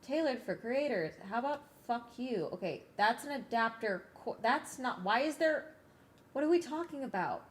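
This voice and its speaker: A woman's voice: on the high side, animated, moderate pace. A woman streamer in casual chat, ranting with exasperation and swearing, while she is sick.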